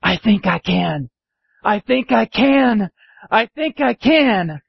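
A man voicing a small, kind and brave female train engine, in a raised gentle voice. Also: extremely high pitch, animated, a little slow, vocal fry, no room sound, pitched above the performer's own voice, exaggerated voice. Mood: straining. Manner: raised voice, gentle, chanting and straining. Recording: dull lo-fi recording.

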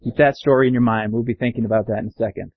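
A man's voice: medium pitch, steady tone, very fast, no echo. A man preaching a sermon in a conversational way, asking the congregation questions. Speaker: pastor. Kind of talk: sermon with storybook reading. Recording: dull lo-fi recording.

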